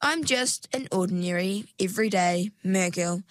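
A woman voicing a timid, polite young mergirl in a storybook, hesitant and halting. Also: mid-range voice, no echo, close to an everyday voice. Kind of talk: storybook reading.

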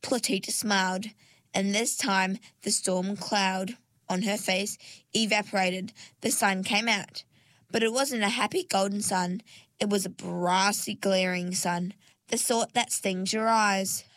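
A woman reads a storybook aloud slowly and calmly. Her voice sits in a middle pitch, and the recording is dry and close. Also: dry recording. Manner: calm, measured reading. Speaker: reader. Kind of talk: storybook narration.

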